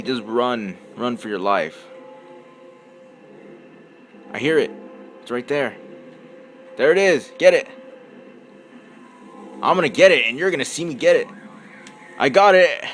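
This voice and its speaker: Young guy doing horror game commentary, drawls slowly, screams then mumbles, faint music behind. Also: mid-range voice, animated, a bit bright. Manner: jumpy, yelps and screams at scares, mutters to himself. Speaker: gameplay commentator.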